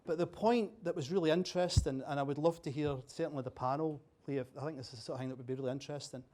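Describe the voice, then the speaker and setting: A man's voice: a little high, racing, mellow. A man giving an after-dinner talk at a dinner event, chatty and self-deprecating, often restarting his sentences. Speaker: dinner speaker.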